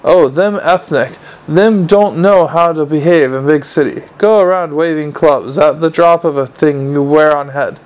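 A man voicing a slow, blunt male troll watchman who talks in broken, simple grammar. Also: fairly high pitch, lightly acted. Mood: gruff.

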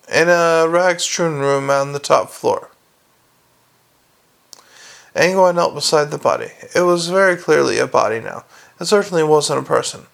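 A man reading a comic fantasy novel aloud, in a wry, steady way with small slips. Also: a little high, gravelly. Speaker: audiobook narrator.

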